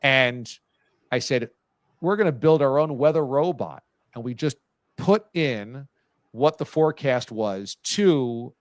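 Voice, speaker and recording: A man in his forties hosting a live sports talk show, telling stories with lively delivery and frequent laughs. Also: mid-range voice, clear, resonant tone, no echo. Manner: lively, storytelling, laughs often. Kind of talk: casual live show chat.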